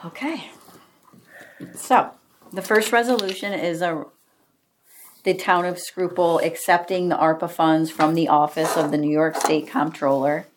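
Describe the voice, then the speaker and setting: A woman chairing a town board meeting, leading it in a brisk, procedural way. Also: sits low, steady tone, a little hiss or hum.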